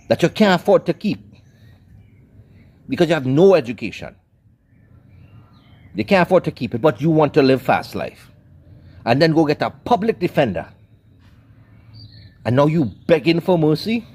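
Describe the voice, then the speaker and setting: A man's voice: a little high, a little mellow. A man giving a scolding, preacherly commentary rant. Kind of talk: ranting commentary monologue.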